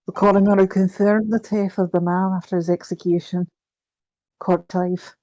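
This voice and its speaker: A woman's voice: on the low side, little pitch movement, normal speed, mellow, muffled recording, natural voice. A woman voicing a sly male prison governor in a put-on Scottish accent, reading game dialogue aloud with a dry, wry manner. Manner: dialect-heavy, wry reading of game lines.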